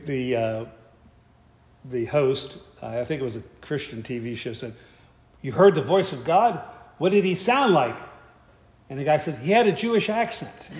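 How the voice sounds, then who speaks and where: A man giving a conversational sermon, with joking asides and frequent restarts. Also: mid-range voice. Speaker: preacher. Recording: echoey hall.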